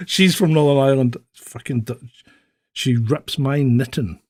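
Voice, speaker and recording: A man's voice: mid-range voice, steady tone, unhurried, warm tone, husky, no room sound, clean studio sound. A man co-hosting a casual chat show from Britain, talking bluntly and swearing freely. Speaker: co-host.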